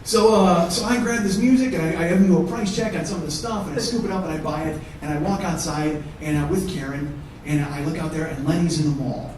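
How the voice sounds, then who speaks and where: A man's voice: a little high, fast, hardly any pauses, a little mellow, a little hiss or hum. Man telling a story on a theatre stage. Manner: conversational, profane, bantering with the audience. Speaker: stand-up comedian. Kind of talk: one-man show storytelling. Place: theatre stage with live audience. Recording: echoey theatre from far off.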